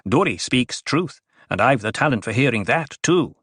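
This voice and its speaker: A man's voice: medium pitch, expressive, normal speed, fairly bright tone, no echo, clean studio sound. Bijaz, a man doing a riddling dwarf jester. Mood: wheedling. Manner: punning, singsong riddles.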